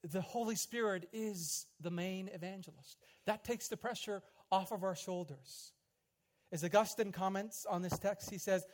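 A man preaching a sermon, telling a story dramatically, swelling loud and then dropping quiet. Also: high voice, moderate pace. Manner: dramatic storytelling, rising loud in quoted prayers and dropping soft. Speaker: pastor.

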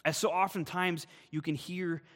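A man's voice: a little high, fairly even intonation, moderate pace, fairly bright tone, long reverb tail. A man, a pastor, preaching a sermon with earnest, emphatic delivery.

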